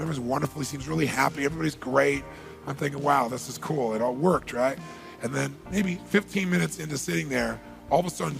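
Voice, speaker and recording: A motivational speaker with a fairly high, slightly bright voice and vocal fry gives an emphatic seminar talk. He tells a story and repeats key phrases for weight.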